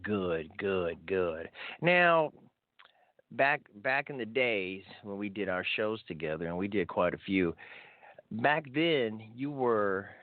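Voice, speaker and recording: Low-voiced chatty radio host, man. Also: dry recording. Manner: chatty, upbeat, lots of fillers and restarts. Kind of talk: casual call-in show hosting. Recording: thin phone-like audio.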